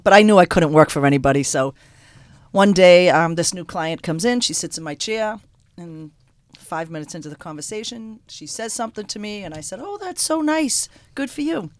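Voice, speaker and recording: A woman's voice: lowish voice, brisk, dry recording. Boston lady guest on a radio show, tells stories with lots of voices, dry studio sound. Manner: lively, animated storyteller acting out quotes. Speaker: restaurant owner, guest. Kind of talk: storytelling in an interview.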